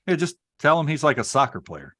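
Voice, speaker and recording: A man's voice: a little high, sing-song, fairly quick, fairly bright tone, no echo, clean studio sound. An American man co-hosting a racing podcast, reading viewer comments aloud and laughing easily. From United States. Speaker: podcast co-host reading chat. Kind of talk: casual chat.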